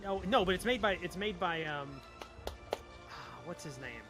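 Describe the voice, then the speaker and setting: A man with a slightly raised pitch, chatting casually over voice chat during a strategy game session. He rambles and hunts for words, with clear game music playing behind him. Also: measured pace. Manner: rambling, grasping for words, excitable.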